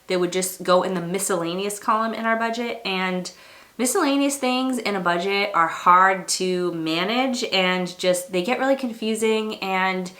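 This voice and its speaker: Nasal, stuffed-up woman vlogger, bright tone. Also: mid-range voice, normal speed, roomy sound. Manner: chatty, upbeat, rambling with fillers. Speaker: personal finance vlogger. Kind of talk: casual talk to camera.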